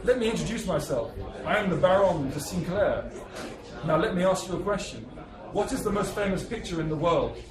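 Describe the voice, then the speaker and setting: A man's voice: sits high, lively intonation, a little fast. A man voicing a pompous older crackpot historian, forthright and theatrical. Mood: grandiose. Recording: echoey cafe, distant mic, crowd.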